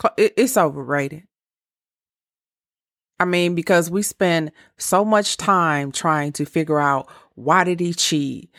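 A woman of about fifty talks through relationship advice in a slow, blunt, candid way and swears freely. Her voice is gravelly with a rough fry. The sound is dry and close. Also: fairly low pitch, fairly bright tone, no echo. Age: around 50. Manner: blunt, profane, candid with laughing asides. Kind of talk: casual advice monologue.

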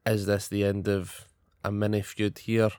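A man's voice: lowish voice, level tone, measured pace, darkish tone, clean tone, dry recording, clean studio sound. A young Scottish man in casual, blunt, sweary podcast chat giving his opinions as co-host.

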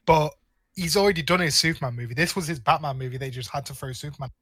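A man's voice: a little high, fast, fairly bright tone, dry recording. A young man co-hosting a casual film review podcast, blunt and opinionated, riffing playfully. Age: young adult. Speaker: podcast co-host.

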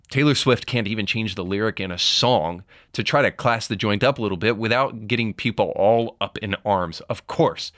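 A man's voice: on the low side, a bit bright, dry recording, clean studio sound. A man hosting a podcast, giving opinion commentary and reading passages aloud before riffing on them. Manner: reads quotes aloud, then riffs. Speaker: podcast host.

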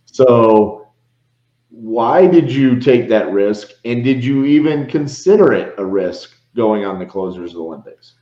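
A man hosting a casual podcast conversation, talking in a rambling, animated way with frequent restarts. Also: mid-range voice, takes it slowly. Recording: dull, roomy recording.

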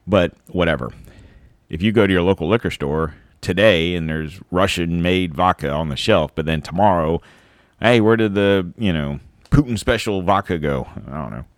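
A man's voice: sits low, normal speed, dry recording, clean studio sound. A man giving a rambling, sarcastic opinion monologue, swearing and laughing at his own points.

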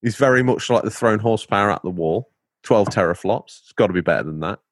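A man's voice: fairly low pitch, animated, quick pace, dry recording, studio quality. A young man with an English Lincolnshire accent, co-hosting a casual chat in a jokey, playful way. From England. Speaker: podcast co-host.

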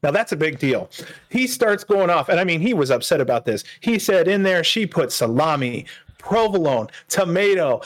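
A man co-hosting a casual podcast, telling the story in a lively, quick way. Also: a little high. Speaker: podcast co-host.

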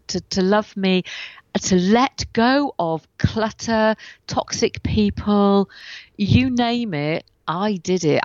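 A woman's voice: mid-range voice, no echo, highs cut off. A woman writer and coach telling a personal story in an interview from home, speaking while in pain and acting out what people said. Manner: animated, acts out what she and others said.

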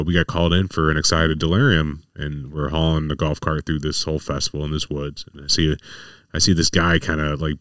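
Low and resonant, this man's clear voice carries the casual storytelling of a paramedic guest chatting on a podcast. He animatedly recounts work stories, performing what others said. The studio-quality recording is dry, captured from a distant mic.

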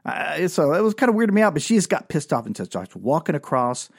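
A man's voice: fairly quick, gravelly, husky, no room sound, studio quality. A man telling a rambling, self-mocking comic story in a monologue. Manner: rambling, self-mocking, with animated swings in pitch. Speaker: comedian and storyteller.

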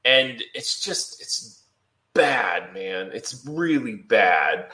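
Rambling man with a bright voice. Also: mid-range voice, lively intonation, extremely slow, reverberant. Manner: rambling, many fillers and "like". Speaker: podcast co-host. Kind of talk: casual chat.

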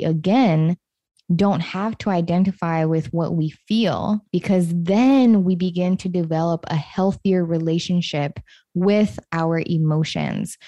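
Unhurried, reflective woman podcaster, dry sound. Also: lowish voice, dry recording, highs cut off. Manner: reflective and unhurried, with gentle stresses. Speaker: podcast host. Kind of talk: solo podcast monologue.

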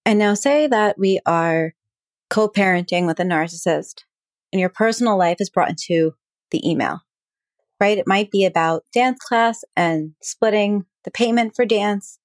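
A woman hosting an advice podcast as a relationship coach, talking calmly and plainly through examples. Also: medium pitch, a little slow, dry recording, clean studio sound. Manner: calm, explanatory, acts out example dialogue.

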